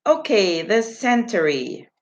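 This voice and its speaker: Slow, giggly woman chatting on a livestream. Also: medium pitch, very animated, lo-fi sound. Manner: giggly, rambling, self-mocking; breaks off to read and answer chat messages. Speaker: livestream host. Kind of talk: casual livestream chat answering viewers.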